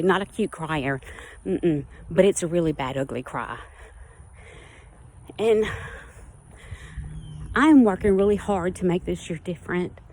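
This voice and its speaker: A woman's voice: on the low side, darkish tone. A woman talking candidly and a little out of breath in an outdoor personal vlog. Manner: candid, rambling, heartfelt. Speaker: vlogger.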